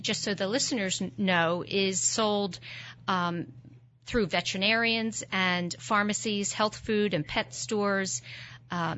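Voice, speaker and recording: A woman's voice: medium pitch, sharp tone. A woman hosting an interview, asking questions and affirming her guest's story in an engaged way. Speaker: podcast host. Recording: muffled lo-fi sound.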